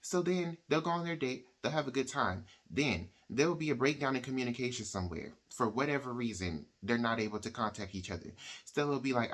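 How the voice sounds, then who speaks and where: Animated and fairly quick, this man has a mid-range, somewhat bright voice. He's reviewing a book by chattily recapping its plot, frequently voicing the characters through "like" and "she's like" quotes.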